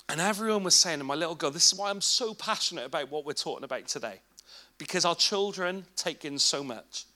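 Bright-voiced English man telling a story. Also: on the high side. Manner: informal, candid storytelling with asides to the audience. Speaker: speaker at a church children's ministry event. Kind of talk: personal testimony talk.

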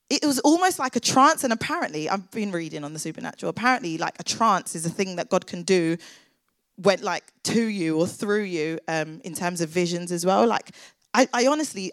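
A woman's voice: lowish voice, fairly bright tone, dry recording. Woman in her twenties, church worker, chatty testimony, dry close sound. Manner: earnest, chatty, lots of filler "like"s. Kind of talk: personal faith testimony.

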